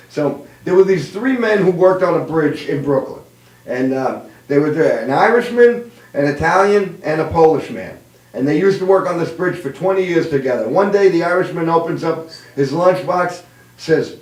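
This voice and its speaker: A man in his fifties hosts a comedy show from a live-streamed show room, telling old jokes and family stories in stand-up style and laughing at his own lines. His fairly high, animated voice is a little mellow and moderately paced, recorded from a distance with a roomy sound.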